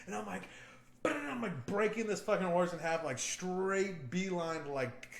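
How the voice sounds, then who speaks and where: A man's voice: high-pitched, moderate pace, gravelly. A man co-hosting a podcast, telling a rambling, profane story in casual chat. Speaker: podcast co-host. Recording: echoey room.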